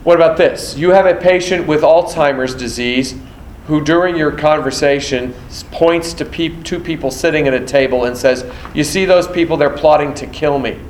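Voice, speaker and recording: A man's voice: on the high side, moderate pace, few pauses, reverberant, a little hiss or hum, low-quality recording. A man teaching a nursing exam prep class, quizzing students and acting out exam scenarios. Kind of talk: classroom lecture.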